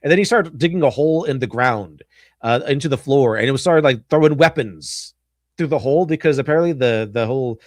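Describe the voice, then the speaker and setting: Male stream host, mid-pitched, rambling and sarcastic; dry, close sound. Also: fairly quick, dry recording. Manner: rambling, many restarts and fillers. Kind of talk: casual film commentary.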